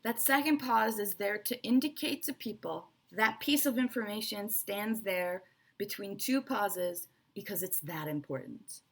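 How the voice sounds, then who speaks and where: Husky, gravelly woman teaching presentation skills. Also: mid-range voice, unhurried. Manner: explanatory, repeats key points with frequent "right?" and "okay". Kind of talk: online lesson explaining to viewers.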